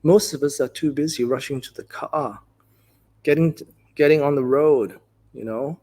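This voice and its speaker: A man who is a Buddhist monk, giving a dharma talk in a gentle, conversational storytelling way, often saying "you know". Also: fairly high pitch, normal speed.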